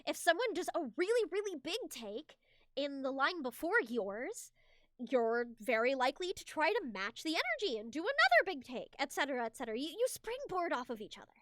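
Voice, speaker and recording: A woman streamer giving casual advice on voice acting, chatty and animated with many restarts and repeated words. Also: sits high, a little fast, dry recording, studio quality. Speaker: streamer and hobbyist voice actor.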